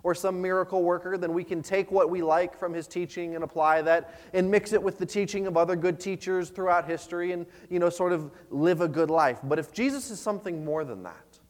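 High-voiced man preaching in a hall. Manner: earnest, conversational, with fillers and repeated words. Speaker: pastor. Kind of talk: sermon. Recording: long reverb of a large hall.

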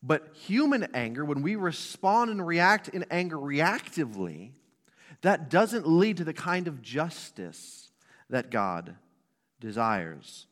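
A man's voice: a little high, sing-song, slow, fairly bright tone. A man in his thirties preaching a sermon to a church congregation, conversational and asking the room questions. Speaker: pastor. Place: church sanctuary. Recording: long reverb of a hall.

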